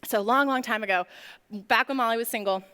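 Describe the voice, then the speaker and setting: A young woman with a high voice talks casually to a church youth group, telling stories in a chatty way and filling her speech with "like." Her voice rings with a long reverb, as in a large hall. It is a relaxed, conversational youth talk, not a formal sermon. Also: a little fast, clear, resonant tone. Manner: chatty storytelling full of "like" fillers. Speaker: youth ministry speaker.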